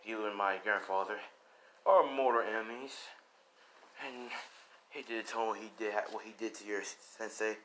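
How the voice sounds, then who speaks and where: A man voicing an earnest, determined teenage boy hero, close to his own low voice. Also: steady tone, moderate pace, pushed and bright, a little hiss or hum, rough recording. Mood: apologetic.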